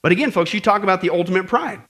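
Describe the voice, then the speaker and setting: A man preaching a sermon in a folksy, animated way, full of rhetorical questions and a told joke. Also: high voice, very fast. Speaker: pastor.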